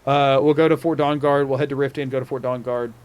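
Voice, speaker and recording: A man's voice: mid-range voice, flat delivery, fast, a little mellow, clean tone. A man streaming a game, chatting casually to viewers in a playful, rambling way full of repetitive wordplay. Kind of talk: casual live-stream chat.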